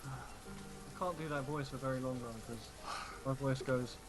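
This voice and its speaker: A man's voice: mid-range voice, fairly even intonation, a little slow, music in the background. A man casually chatting with friends while livestreaming a game, swearing freely and laughing at his own jokes. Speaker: streamer host. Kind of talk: casual gaming chat.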